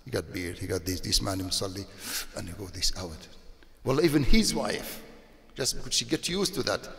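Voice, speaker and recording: Sheikh in a hall. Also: male voice, lowish voice, moderate pace. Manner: non-native English with frequent Arabic religious phrases, animated when scolding. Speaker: sheikh giving a religious talk. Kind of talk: sermon. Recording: long reverb of a hall.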